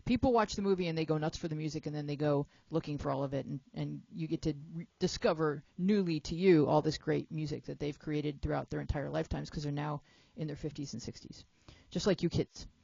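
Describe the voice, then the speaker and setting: A woman's voice: low-pitched, a little fast, creaky, hardly any pauses, warm tone, dry recording, highs cut off. A woman hosting a talk show in a chatty, playful way, jet lagged and joking with her young panel. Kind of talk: casual chat.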